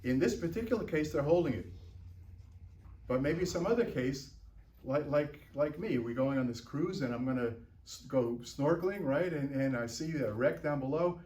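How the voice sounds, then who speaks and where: A man's voice: mid-range voice, a little mellow. Male teacher explaining a text to a class, chatty, asks "right?" a lot, distant mic in a roomy room. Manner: checks in often with "right?" and "okay?"; stumbles and repeats words while thinking aloud. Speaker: Talmud teacher.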